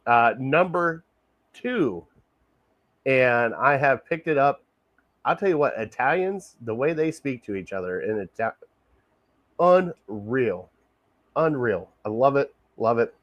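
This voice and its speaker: A man's voice: mid-range voice, very animated, slow, pauses often, no room sound, dull audio. Upbeat man hosting a casual podcast. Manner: enthusiastic, laughs often, repeats himself. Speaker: podcast host. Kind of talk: casual sports podcast chat.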